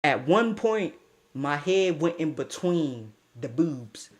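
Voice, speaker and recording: Young guy telling a storytime, slow and drawn out, laughs a lot, slangy. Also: on the high side. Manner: animated, laughing asides, slangy. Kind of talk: casual storytime.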